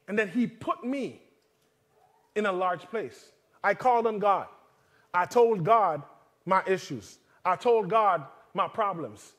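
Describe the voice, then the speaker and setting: A man with a fairly high voice preaches in a loose, conversational way. He tells stories from his own life and throws humorous asides to the congregation, then slows to read scripture aloud. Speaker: father. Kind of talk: sermon.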